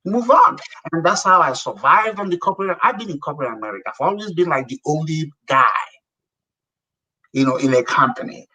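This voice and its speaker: Blunt, bright-voiced Nigerian man. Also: fairly high pitch, a little fast, distant mic, low-quality recording. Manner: blunt, emphatic, animated storyteller. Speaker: guest, businessman. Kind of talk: interview conversation.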